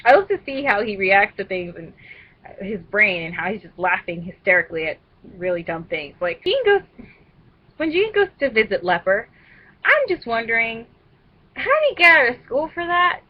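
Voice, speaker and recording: A young woman casually discussing a book she read, talking in an animated, rambling way. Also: on the high side, moderate pace, muffled recording. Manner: animated, rambling, laughs at her own jokes. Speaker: vlogger reviewing a book.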